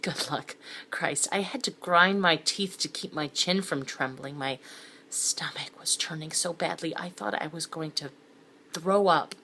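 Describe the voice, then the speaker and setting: Low-voiced woman narrating with wry asides. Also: sharp tone, slight background noise. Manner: wry, sardonic asides, sometimes dropping to a whisper. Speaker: narrator of a thriller web series. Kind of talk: scripted first-person narration.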